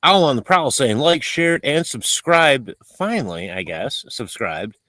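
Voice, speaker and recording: A man's voice: mid-range voice, big pitch swings, measured pace, pushed and bright, no echo. A middle-aged man chatting casually on a live stream while he cooks, reading viewer comments aloud and laughing often.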